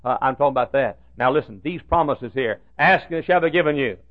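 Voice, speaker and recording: Animated folksy preacher man, lo-fi. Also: mid-range voice, fast talker. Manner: folksy, animated preaching with sudden loud rises and hushed asides. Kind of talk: sermon. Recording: dull lo-fi recording.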